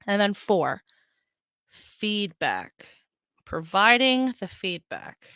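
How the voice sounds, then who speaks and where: Chatty woman podcast host, smooth dry voice. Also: medium pitch, expressive, a little slow, sharp tone, no echo. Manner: chatty, stumbling restarts, addresses listeners as guys. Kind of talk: casual solo podcast talk.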